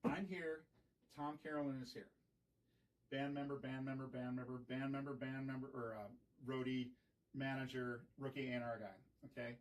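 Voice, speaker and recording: A man telling a profane, animated story from his band days in a casual stream chat. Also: mid-range voice, normal speed. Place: recording studio. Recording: voice picked up from a distance.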